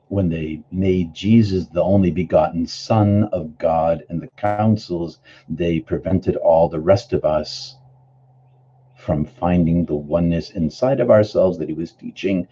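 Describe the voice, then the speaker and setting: Deep, dark-voiced man giving a spiritual talk. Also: takes it slowly, slightly rough, highs cut off. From Boston area. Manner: earnest, reflective, answers chat comments by name. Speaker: spiritual teacher hosting a live stream. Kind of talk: live-streamed spiritual teaching, reading viewer comments. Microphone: studio microphone.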